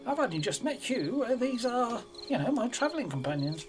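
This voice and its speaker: A woman playing her character in a tabletop game, her voice swooping lively up and down. She speaks in a plummy, courteous way and trips over her own restarts, with music faint behind. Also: a little high, brisk. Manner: plummy, polite, stammering restarts. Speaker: player. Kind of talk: in-character roleplay.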